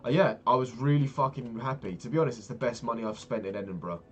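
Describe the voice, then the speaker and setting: A young male vlogger with a medium-pitched voice talks quickly, rambling casually and swearing freely as he tells a story while gaming. Keyboard clicks and typing can be heard in the background.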